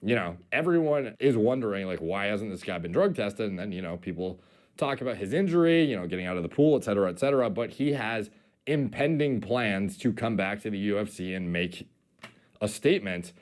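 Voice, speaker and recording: A man with a lowish voice rambles through casual commentary. He strings thoughts together with "like" and "you know" and swears freely along the way. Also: lively intonation, a little fast, darkish tone. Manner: rambling, filler-heavy, profane. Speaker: video commentator.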